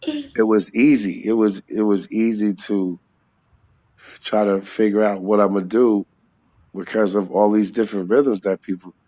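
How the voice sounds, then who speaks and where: A man's voice: fairly low pitch, a little slow, dark tone, muffled recording. A man from New York, a rapper guest, talking loosely in a casual interview and drifting from one thought to the next. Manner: rambling, sings snatches of songs.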